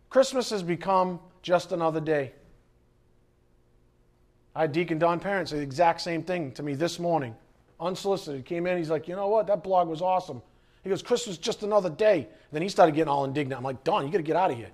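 Animated high-voiced male preacher. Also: normal speed, pauses often. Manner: animated preaching, acts out quoted voices and shouts. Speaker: pastor. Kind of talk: sermon.

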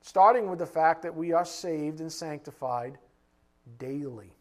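Blunt, high-voiced male preacher. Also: normal speed. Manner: blunt, rhetorical questioning, swings from loud to quiet. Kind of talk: sermon.

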